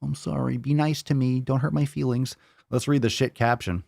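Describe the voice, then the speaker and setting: A man's voice: medium pitch, steady tone, moderate pace, creaky, darkish tone, no room sound, clean studio sound. A man hosting a live-streamed podcast, ranting with sarcasm and heavy swearing. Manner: sarcastic, profane, mocking. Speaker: podcast host.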